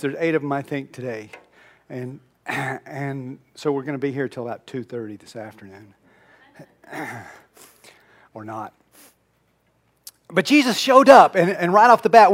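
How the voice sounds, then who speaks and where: A man with a fairly high voice delivers a sermon as a pastor, telling stories in an easy conversational way. He presses some phrases loudly, then sinks to a hushed, almost whispered tone. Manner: conversational storytelling, swings from loud emphasis to hushed near-whisper.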